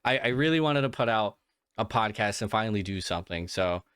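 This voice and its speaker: A man's voice: fairly low pitch, animated, brisk, fairly bright tone, smooth, no room sound, clean studio sound. A man hosting a solo podcast while sick and worn out, rambling and swearing with many restarts and fillers. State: sick and fatigued, yawning. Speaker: podcast host. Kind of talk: casual solo podcast monologue.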